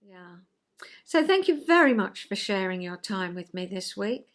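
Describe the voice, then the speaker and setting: A woman, hosting a chatty vlog and explaining ideas in a gentle, conversational way, acting out little everyday scenes. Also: medium pitch, sing-song, unhurried. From England. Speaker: vlog host, retired counsellor.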